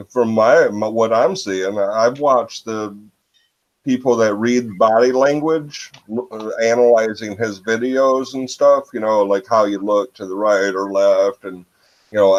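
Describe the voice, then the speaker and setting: Man from michigan, low voice, musing hesitant chat, dull lo-fi call audio. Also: steady tone, a little slow. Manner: musing, hesitant, trails off with "I don't know". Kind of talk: casual chat.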